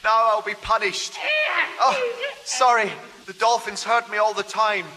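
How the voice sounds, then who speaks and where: A man's voice: on the high side, normal speed, bright, forceful tone, in a large hall, slight background noise. An actor playing a frightened male scientist held by dolphins, pleading nervously in a comedy sketch.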